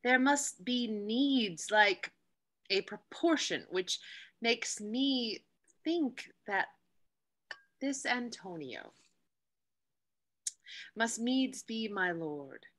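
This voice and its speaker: A woman reading a lively, resolute young noblewoman. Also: on the high side, very slow, long pauses, exaggerated voice. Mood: reflective. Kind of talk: unrehearsed play reading.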